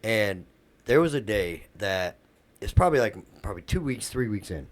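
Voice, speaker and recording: A man's voice: lowish voice, expressive, moderate pace. A middle-aged man, a podcast co-host, telling a workplace story in casual chat and acting out the quoted dialogue.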